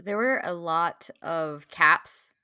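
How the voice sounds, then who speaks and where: Bright, animated woman co-host. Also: fairly low pitch, slow pace, smooth. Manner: animated, swears freely, reads her own notes in bursts. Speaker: podcast co-host. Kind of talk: casual podcast chat.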